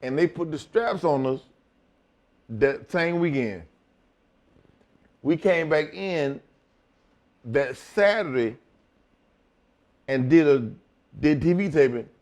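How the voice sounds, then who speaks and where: A man's voice: fairly high pitch, slow pace, pauses often. A man, a former wrestler, telling a profane backstage story as a guest in a casual chat, acting out both sides of the conversation. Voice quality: profane, animated retelling.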